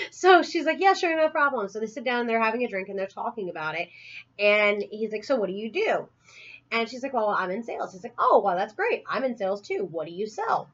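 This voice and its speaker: A woman's voice: mid-range voice, animated, a little fast, a bit bright, slightly rough, dull audio. A woman co-hosting a casual podcast chat, telling a story and laughing often. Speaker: podcast co-host.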